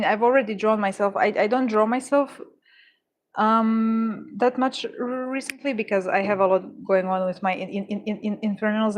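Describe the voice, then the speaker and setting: A woman chatting casually while working on orders, easily startled, laughing often and correcting herself as she talks. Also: mid-range voice. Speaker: crafting livestreamer.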